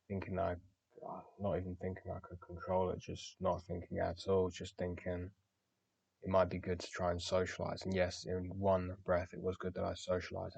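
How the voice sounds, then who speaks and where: A young man with a very deep, level voice speaks candidly in a personal, diary-like monologue. He pauses on words and restarts as he reflects. The recording is dry and close, with no room sound. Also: creaky, darkish tone, slightly rough, dry recording. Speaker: podcast host.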